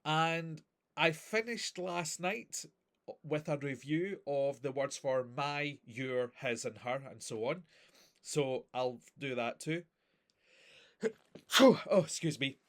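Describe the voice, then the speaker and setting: A man's voice: on the high side, slow. Patient male Spanish teacher. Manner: patient, explaining step by step with frequent "okay?". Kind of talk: recorded class review.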